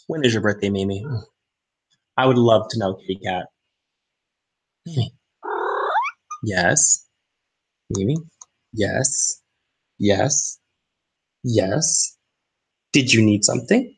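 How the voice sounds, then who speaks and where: A man's voice: lowish voice, takes it slowly, long pauses, slightly rough. A young adult man in a casual, playful solo chat, reading astrology charts and talking to his cat. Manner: playful, chatty, talks to his cat between tasks.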